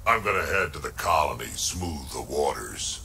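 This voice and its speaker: Gravelly old krogan brute. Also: male voice, a bass voice, expressive, sharp tone, a little hiss or hum, exaggerated voice. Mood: gruff. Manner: slow and curt. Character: old male krogan warrior, gruff and blunt. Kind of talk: video game dialogue.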